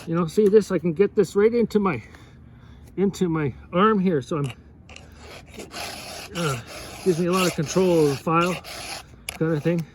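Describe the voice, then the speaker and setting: A man's voice: high voice, normal speed, pauses often, a little hiss or hum. A man who runs a fishing lodge, giving rambling, folksy work advice while sharpening a chainsaw, chuckling as he goes. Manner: folksy, chuckling, repeats and restarts often.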